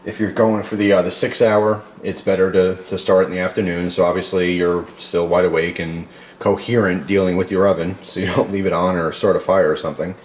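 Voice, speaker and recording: A man hosting a casual home cooking video, talking loosely with many fillers and pausing to taste. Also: deep voice, flat delivery, darkish tone, slight background noise. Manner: rambling, loose, tasting food mid-talk with filler words.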